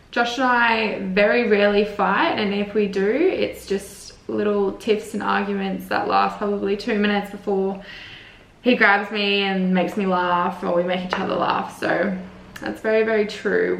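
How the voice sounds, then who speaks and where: A woman's voice: mid-range voice, creaky, fairly bright tone. A young Australian woman vlogger chatting casually, with lots of filler words. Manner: chatty, heavy use of "like" fillers. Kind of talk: casual chat answering viewer assumptions. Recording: roomy echo.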